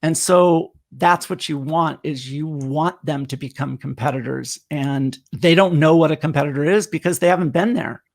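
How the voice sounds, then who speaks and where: A man with a fairly high, gravelly voice tells coaching stories over a video call. He is animated and acts out the quoted dialogue. The feel is casual and conversational. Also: normal speed, few pauses. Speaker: running coach, guest. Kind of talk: casual storytelling on a live stream.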